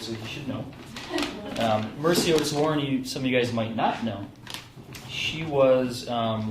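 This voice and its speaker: A man casually introducing a reading at a live event, chatty and halting with many ums and asides. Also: medium pitch, a little hiss or hum. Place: small theatre stage with audience. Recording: roomy live room, mic at a distance.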